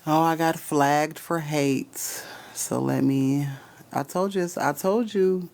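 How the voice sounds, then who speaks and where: A man's voice: a little high, slow, gravelly, a little mellow. A man giving spiritual readings on a casual live stream, cursing freely, laughing often and talking straight to his chat.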